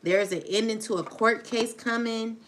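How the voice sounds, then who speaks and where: A woman's voice: fairly high pitch, steady tone, normal speed, noisy background. A woman doing a casual tarot reading, taunting and laughing as she talks to her viewers. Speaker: tarot reader. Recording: music playing underneath. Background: music.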